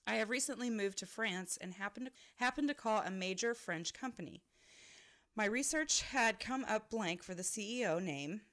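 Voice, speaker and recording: A woman co-host reads stories that listeners sent in. Her voice sits at a middle pitch, and she often breaks into laughter as she reads. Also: fairly bright tone. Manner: laughs often while reading. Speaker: podcast co-host. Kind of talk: reading listener stories aloud.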